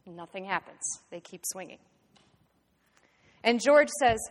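Woman teacher retelling a story for a class, lively delivery, echoey room. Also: a little high, takes it slowly. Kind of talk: storytelling lesson.

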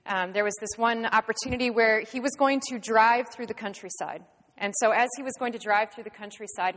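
A woman teacher giving an animated storytelling lesson in a reverberant room. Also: mid-range voice. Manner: lively animated retelling.

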